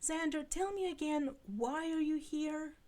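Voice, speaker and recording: A woman's voice: high voice, measured pace, a little mellow, voice pushed up. A woman reading aloud voices a wry, restless teenage girl vampire slayer.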